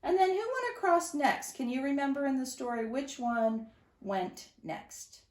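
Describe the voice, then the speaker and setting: A woman's voice: high-pitched, measured pace. Sing-song woman teaching preschoolers. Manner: animated, sing-song, questioning the listeners. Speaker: teacher reading to children. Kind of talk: storytime lesson for young children. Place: at home. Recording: echoey room.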